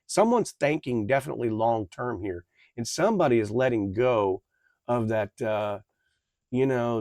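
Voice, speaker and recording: A man reads tarot cards to his viewers in a loose, rambling way. He stumbles, restarts and fills the gaps with fillers, his voice sitting at an ordinary middle pitch. The recording is close and dry. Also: a little mellow, dry recording. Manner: rambling, halting, with many fillers and self-corrections. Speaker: tarot reader. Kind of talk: casual tarot reading to camera.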